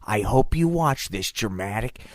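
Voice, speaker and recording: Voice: mid-range voice, animated, unhurried, no echo, clean studio sound, lightly acted. A performer voicing an earnest, preachy puppet kid who warns families in a comedy puppet show.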